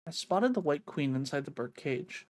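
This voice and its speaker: A woman reading a visual novel aloud, an expressive reader who breaks off to swear and joke, on a close mic. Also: deep voice, normal speed, no room sound. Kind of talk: reading a game's narration aloud with live reactions.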